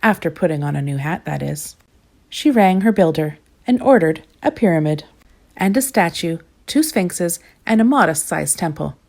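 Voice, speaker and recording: Gentle woman reading a children's story. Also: on the low side, animated, moderate pace, creaky. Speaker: storybook reader.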